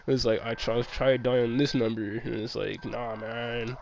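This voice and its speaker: A man's voice: medium pitch, little pitch movement, unhurried, vocal fry, poor audio. A man casually telling a rambling, profanity-laced story, acting out bits of dialogue, with crowd chatter behind. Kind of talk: casual chat.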